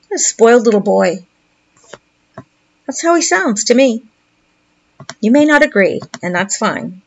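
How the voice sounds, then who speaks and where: A woman commentator reading posts aloud and commenting on them in a sarcastic, mocking way. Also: on the high side.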